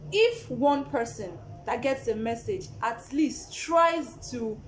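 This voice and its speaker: A woman's voice: on the high side, slow pace, reverberant, faint music behind. A young woman with a Nigerian accent, co-hosting a casual chat and telling stories, acting out what people said and laughing often. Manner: animated storyteller, acts out quotes, laughs often. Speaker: podcast co-host.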